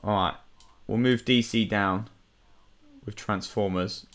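Young man, bright tone, casual podcast chat, laid-back. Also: lowish voice, slow. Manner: chatty, relaxed, casual slang. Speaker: podcast co-host. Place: home, remote call.

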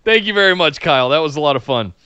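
Man, podcast co-host, bright forceful voice, excitable, dry close sound. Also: a little high, quick pace, smooth, no echo, muffled recording. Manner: excitable, bursts into loud shouts. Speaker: podcast co-host reading chat. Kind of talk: casual live-stream chat.

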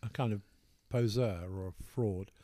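An older man with a posh English accent, his voice mellow and dark, talking slowly and reflectively as an interviewed author. He often stops, restarts and circles back to a thought. The sound is close and dry, with no room around it. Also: on the low side, no room sound.

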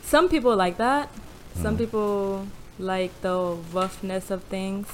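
A soft-spoken young woman chatting casually as a podcast co-host. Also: medium pitch, steady tone, slow, a little hiss or hum, low-quality recording. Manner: soft-spoken, laughs easily. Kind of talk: casual chat.

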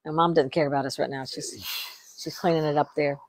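A woman's voice: sits low, steady tone, fairly quick, dry recording. Teasing woman with a dry, close sound. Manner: teasing, firm refusals. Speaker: co-host. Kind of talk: casual chat.

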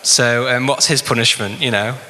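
A man's voice: mid-range voice, fairly even intonation, normal speed, bright, forceful tone. A man preaching a sermon in a conversational way, with many rhetorical questions. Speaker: pastor. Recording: long reverb in a hall.

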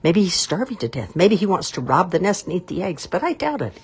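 Storybook read-aloud: a soothing, sensible swan wife, done by a woman, raspy low voice. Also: big pitch swings, fairly quick, full character voice. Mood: reasoning. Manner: level-headed, soothing. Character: calm, sensible female swan sitting on her nest.

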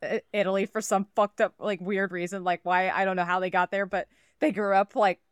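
A woman co-hosting a podcast, giggling, swearing and rambling in casual chat while high. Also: level tone, brisk, clean tone, dry recording, clean studio sound. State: high on cannabis. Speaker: podcast co-host.

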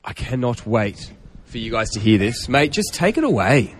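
Chatty male radio host with lively pitch. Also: normal speed, a little hiss or hum. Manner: chatty, storytelling, laughs often. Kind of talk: casual radio chat.

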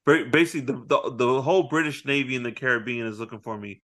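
Podcast co-host, male, mid-pitch, chatty recapper who drops into character voices. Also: a bit bright. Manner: retells scenes, acting out lines in quick voices. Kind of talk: casual movie review chat.

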